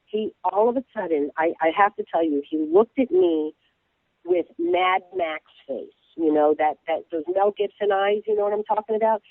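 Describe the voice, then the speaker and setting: An animated woman talks over a tinny, dry phone line, her pitch leaping up and down as she tells a story. Her voice has a gravelly edge, and she talks in an irreverent, chatty way full of "you know"s. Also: normal speed, no echo. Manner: animated, irreverent, many fillers and restarts. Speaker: guest blogger. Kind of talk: casual storytelling on a call-in show.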